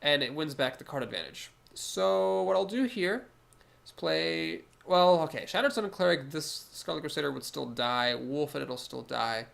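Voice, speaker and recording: Nasal, gravelly man with a cold. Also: a little high, lively intonation, normal speed, a bit bright. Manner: analytical, talks through each move aloud. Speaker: streamer playing a card game. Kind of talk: casual gameplay commentary.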